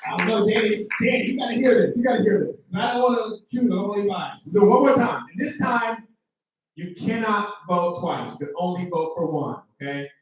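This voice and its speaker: A man hosting a live comedy competition on a club stage, pumping up the crowd in a loud, rowdy way. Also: sits high, brisk. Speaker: comedy show host. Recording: roomy club echo, distant mic, noisy.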